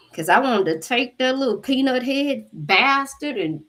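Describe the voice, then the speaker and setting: A woman hosting a spiritual channel, telling a story to her viewers in an animated, profane way and acting out the voices of the people in it. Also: sits high, measured pace. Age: adult mother. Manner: animated, profane, acts out quotes.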